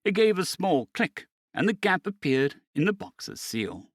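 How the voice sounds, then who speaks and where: A man narrating a science fiction story in a steady storytelling manner. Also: sits high, measured pace, no echo, clean studio sound. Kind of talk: scripted narration.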